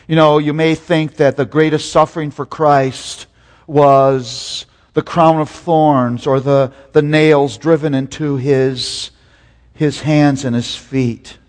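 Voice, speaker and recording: Male preacher, slightly high voice, emphatic sermon delivery with hushed moments, reverberant hall. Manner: swings from loud emphatic peaks to hushed low lines.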